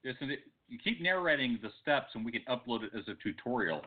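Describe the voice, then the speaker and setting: A man's voice: medium pitch, animated, fast talker. A man co-hosting a podcast, joking and bantering in casual chat. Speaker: podcast co-host. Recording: tinny phone-like audio.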